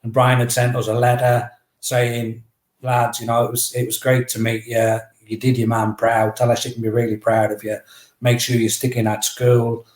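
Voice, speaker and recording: A man's voice: mid-range voice, moderate pace. Guy telling a long story on a podcast, chatty, mid voice, roomy echo. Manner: lively, chatty, acts out quotes. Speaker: guest. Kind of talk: anecdotal storytelling. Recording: roomy echoey room.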